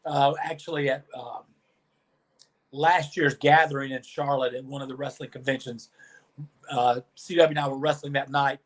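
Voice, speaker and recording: His voice is mid-range and his pace moderate as this middle-aged former wrestler tells long stories as an interview guest. He's animated throughout, voicing other people's words as he recounts them.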